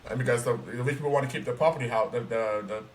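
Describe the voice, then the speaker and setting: A young man talking casually on a podcast, ranting in an animated, profane and emphatic way. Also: mid-range voice, racing. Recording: roomy, distant mic, faint noise.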